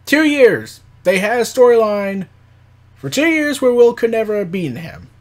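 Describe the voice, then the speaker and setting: A man's voice: high-pitched, lively intonation, normal speed. A man hosting an unscripted commentary show, talking in a rambling, sarcastic way with frequent laughs and the odd swear word. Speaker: podcast host. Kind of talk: casual commentary.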